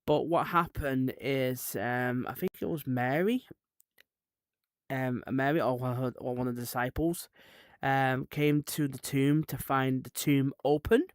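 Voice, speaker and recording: A man's voice: mid-range voice, steady tone, unhurried, no room sound, clean studio sound. A man, a streamer rambling irreverently in casual chat and laughing at his own jokes.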